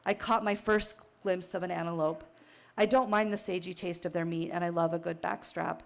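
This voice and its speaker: A woman from Wyoming reads her own writing on stage, slow and reflective. Her voice sits low with a gravelly fry. She lets feeling show now and then. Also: steady tone. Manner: measured, reflective reading with an emotional catch. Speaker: author reading her work. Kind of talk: literary reading to an audience. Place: outdoor tent stage.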